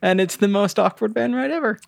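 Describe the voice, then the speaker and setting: A man's voice: sits high, brisk, vocal fry, no echo, clean studio sound. A man co-hosting a podcast who chats casually about a film and often chuckles between remarks. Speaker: podcast co-host. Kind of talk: casual movie-review chat.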